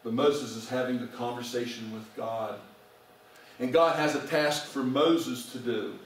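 A man's voice: mid-range voice, steady tone, unhurried, slight background noise. A male pastor preaching a sermon to his congregation, asking them direct questions. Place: church sanctuary. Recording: very echoey church recording from far off.

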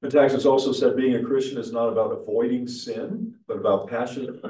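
A man who is a pastor leading an adult church class, speaking in a measured, explanatory way and putting questions to the group. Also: mid-range voice, dark tone. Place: church meeting room. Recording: echoey room, mic far off.

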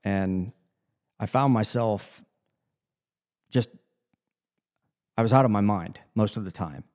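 Male podcast co-host, lowish warm tone, earnest motivational chat. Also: slow.

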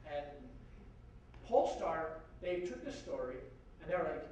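High-voiced man telling a story in a hall. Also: normal speed, highs cut off. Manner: lively, acts out quoted voices, frequent "like" and "you know". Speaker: guest speaker at a university forum. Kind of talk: animated anecdote storytelling. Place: university lecture hall. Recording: very echoey hall from far off, faint noise.

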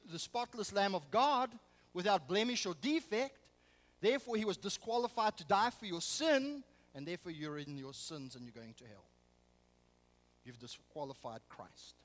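A man's voice: sits high, fairly bright tone, big-room sound, poor audio. A man preaching a sermon as pastor, emphatic and full of rhetorical questions. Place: church sanctuary.

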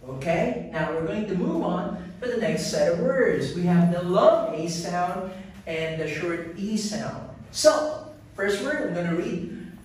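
A man teaching an English lesson, drilling pronunciation by repeating each word three times in a slow, deliberate way. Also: sits high, expressive, darkish tone. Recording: echoey room, voice from a distance.

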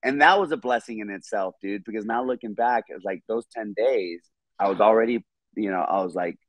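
Low-voiced man telling a story, dry sound. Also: brisk, no echo. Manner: animated, profane, repeats words when excited. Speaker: podcast guest. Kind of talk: casual storytelling.

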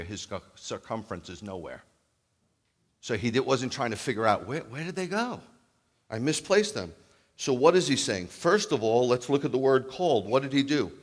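A man preaching a sermon as a rabbi, animated, acting out loud calls and then dropping to a hushed voice. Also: fairly low pitch. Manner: animated, acts out calls and shouts, then drops to near-whisper. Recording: long hall reverb.

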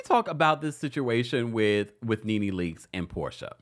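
A man's voice: fairly low pitch, very animated, measured pace, few pauses. Brief: male gossip host, chatty and playfully shady, voice leaping up and down. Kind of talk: casual commentary.

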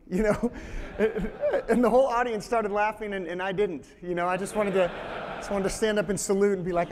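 A man's voice: high voice, steady tone, moderate pace, a little mellow, long reverb tail. A man in his forties giving a sermon as guest speaker, opening with humorous family stories and often restarting his sentences. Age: 40s. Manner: joking, storytelling, frequent restarts.

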